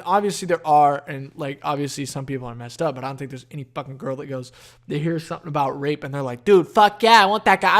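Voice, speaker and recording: A young man hosting a casual solo podcast outdoors, rambling and profane with lots of fillers. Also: a little high. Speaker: podcast host.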